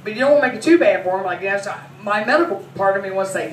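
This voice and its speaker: A woman's voice: mid-range voice, animated, racing. A woman in her forties telling brash, profane comedy stories about her son and her massage clients, laughing through her lines. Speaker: massage therapist. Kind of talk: stand-up comedy storytelling. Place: comedy club. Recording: echoey room, mic from a distance, noisy.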